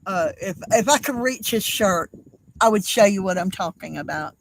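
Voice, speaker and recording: An older woman with a drawl chats on a homemade craft livestream, her voice sitting at an ordinary middle pitch. She talks in a halting, tearful way, pausing often and filling the gaps with soft "um"s and apologies. A faint hiss of background noise runs under her voice. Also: animated, vocal fry, poor audio. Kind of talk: casual craft livestream chat.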